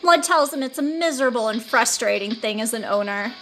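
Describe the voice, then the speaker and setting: Give me a chatty woman doing casual game commentary, slightly high-pitched. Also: animated, a little fast, fairly bright tone, faint music behind. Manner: chatty, says "like" a lot, laughs. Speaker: let's play host translating a game.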